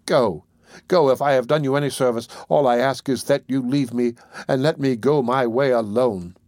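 A man's voice: mid-range voice, normal speed, a little mellow, no room sound, natural voice. Man reading as a scared young street girl, hasty and broken up, dry close mic. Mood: fearful. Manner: agitated and hasty, with broken restarts. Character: desperate young street woman, fearful and defiant. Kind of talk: audiobook character voice.

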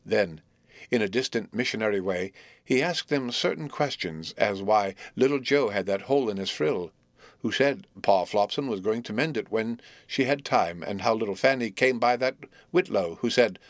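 A man reading a classic novel aloud as a narrator, with measured, expressive storytelling. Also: on the low side, no room sound. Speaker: audiobook narrator.

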